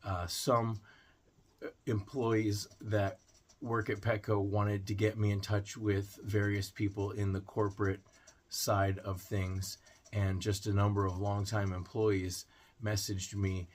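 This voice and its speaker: A man's voice: on the low side, flat delivery, takes it slowly. A man hosting a pet video channel, talking to camera in an earnest, heartfelt way with small restarts. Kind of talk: casual vlog talk to camera.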